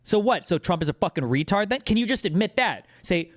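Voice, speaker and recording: A man's voice: high-pitched, big pitch swings, a little fast, few pauses, fairly bright tone. A man in his thirties streaming political reaction commentary, ranting in a heated, profane and exasperated way.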